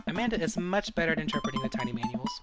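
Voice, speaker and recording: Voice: medium pitch, expressive, racing. A streamer narrating a game on a live stream in a chatty, playful way, over game music.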